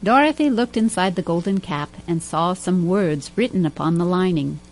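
Storybook narrator, woman, lowish voice, faint hum under the recording. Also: expressive, normal speed.

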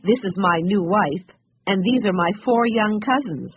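A reader voicing a calm, reassuring grown man who works as a guide, in a storybook reading. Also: mid-range voice, unhurried, slightly rough, no room sound, lo-fi sound, voice pushed up.

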